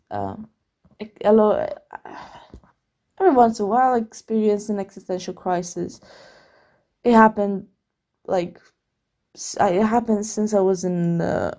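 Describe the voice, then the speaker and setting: Young woman vlogger, a touch of fry, mellow tone, talks candidly with fillers and restarts. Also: medium pitch. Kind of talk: personal storytelling vlog.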